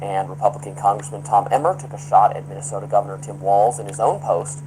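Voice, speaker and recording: Male news reporter, steady read, faint hum behind. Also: fairly low pitch, fast talker, rough recording. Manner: even newsreader delivery.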